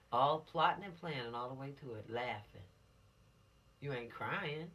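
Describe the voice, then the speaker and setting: A woman lectures teenagers on the law in a folksy, scolding tone. Her bright voice swings widely in pitch. She sounds a little distant from the microphone. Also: expressive, moderate pace. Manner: folksy, admonishing, preachy. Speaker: police officer teaching law to teens. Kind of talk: informal law lesson to teens.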